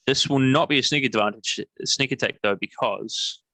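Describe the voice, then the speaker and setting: Brief: casual player, crisp bright tone, swears at bad rolls. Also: male voice, medium pitch, normal speed, dry recording. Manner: excitable, swears and exclaims at rolls. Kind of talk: casual tabletop game chat.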